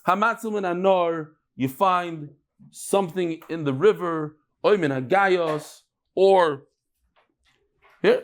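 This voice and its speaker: Animated man teaching Talmud. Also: fairly high pitch. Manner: animated storytelling, mixing English with Hebrew and Yiddish terms. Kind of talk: lively Talmud class lecture.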